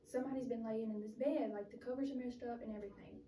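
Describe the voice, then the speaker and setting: A woman's voice: on the high side, fairly even intonation, fast, warm tone, roomy sound, recorded from a distance, a little hiss or hum, close to an everyday voice, rough recording. A young woman voicing an indignant papa bear in a casually told children's story.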